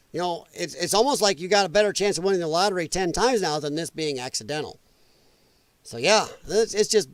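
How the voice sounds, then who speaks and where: A man's voice: high voice, dry recording. A man hosting a late-night news livestream, ranting casually and sarcastically about the headlines. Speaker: livestream host.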